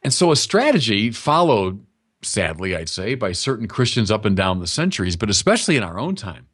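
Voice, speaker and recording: A man's voice: fairly low pitch, very animated, a little fast, a bit bright, breathy edge. A man preaching a sermon in a conversational, emphatic teaching manner, often speaking straight to his listeners.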